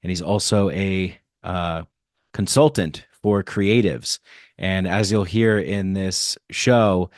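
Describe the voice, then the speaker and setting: Brief: low-voiced male host, casual and joking, dry close-mic sound. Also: fairly even intonation, slow pace, dry recording. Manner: jokey, self-deprecating and rambling. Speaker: podcast host. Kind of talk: casual solo podcast intro. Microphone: close podcast microphone.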